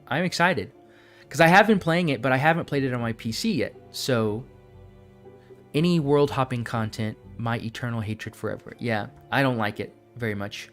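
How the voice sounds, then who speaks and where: Chatty man thinking aloud while gaming. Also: medium pitch. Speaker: streamer. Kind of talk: casual live-stream gaming chatter.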